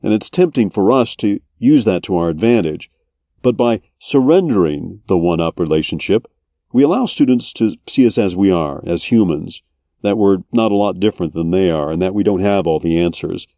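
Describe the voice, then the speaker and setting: Low, mellow-voiced male podcast host. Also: lively intonation, moderate pace, no room sound, studio quality. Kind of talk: scripted narration.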